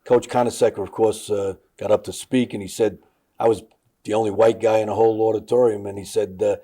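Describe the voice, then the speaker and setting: A man's voice: fairly low pitch, little pitch movement, a little fast, mellow. An older man, a former college basketball player, reflecting easygoingly as an interview guest and tagging phrases with "man". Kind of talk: reflective conversation.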